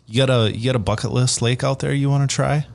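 A man's voice: medium pitch, fairly even intonation, fast talker, vocal fry. A man hosting an outdoors interview show. He asks questions and closes the segment in an easygoing, conversational way. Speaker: show host.

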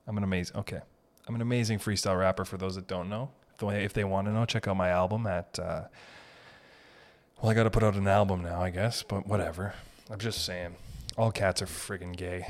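A man's voice: lowish voice, a little fast, darkish tone. A man hosting a comedy podcast, rambling through jokes in a giggly, profane way as he jumps from one bit to the next. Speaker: podcast host.

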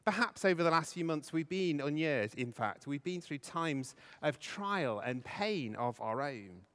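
Vicar, casual hesitant sermon; bright-ish animated voice, long church echo. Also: male voice, a little high, a little slow. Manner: conversational, hesitant with fillers. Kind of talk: Easter sermon.

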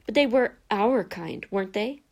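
A woman's voice: medium pitch, expressive, moderate pace, vocal fry. A woman reader voicing a snobbish pale boy who drawls and sneers. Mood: sneering.

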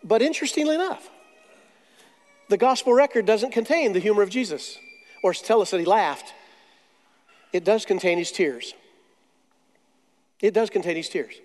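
High-voiced preacher in a reverberant hall. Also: male voice. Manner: animated storytelling with jokes and dramatic pauses. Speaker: pastor. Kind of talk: sermon.

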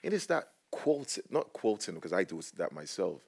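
Low-voiced guy on a panel, fired up and emphatic, gets louder telling his story. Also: moderate pace, creaky, slightly rough. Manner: animated, emphatic, voice rising when heated. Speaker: panel guest. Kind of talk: passionate conversational storytelling.

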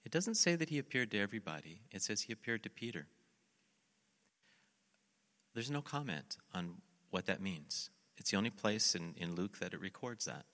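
A pastor with a very low voice preaches a sermon in a bright, forceful tone at normal speed. He tells the story animatedly, acting out the characters' lines and scripture quotes. A long reverb surrounds him, as though he's in a large hall.

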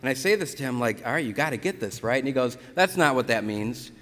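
Priest preaching in a reverberant church. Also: male voice, medium pitch, fast talker. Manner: conversational storytelling, animated retellings. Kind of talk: sermon.

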